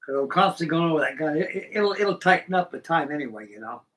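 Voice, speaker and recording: A man's voice: a little high, expressive, quick pace, a bit bright, distant mic, poor audio. A middle-aged man hosting a live stream, chatting casually and folksily while he builds models, with rambling talk and casual swearing.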